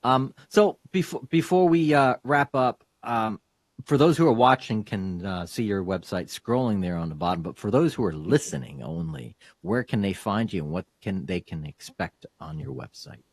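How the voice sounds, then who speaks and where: Brief: male host, low husky voice, lively pitch, laughs a lot, rambly. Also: normal speed, no echo. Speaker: podcast host. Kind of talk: casual interview chat.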